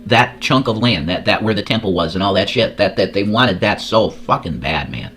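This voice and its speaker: A man's voice: on the low side, animated, normal speed, a bit bright. A man hosting a casual reaction show, talking crudely and rambling, repeating words as he goes. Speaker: host.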